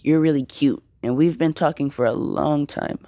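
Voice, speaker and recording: A man's voice: fairly high pitch, fairly even intonation, moderate pace, dark tone, dry recording, clean studio sound, natural voice. A man doing a cocky teenage boy hero. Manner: laid-back, cocky.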